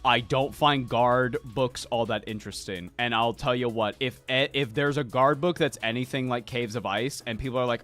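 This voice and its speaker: Bright-voiced man, animated casual chat. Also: medium pitch, soft background music. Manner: animated, swearing, fast storytelling. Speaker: podcast co-host. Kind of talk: casual chat while painting miniatures.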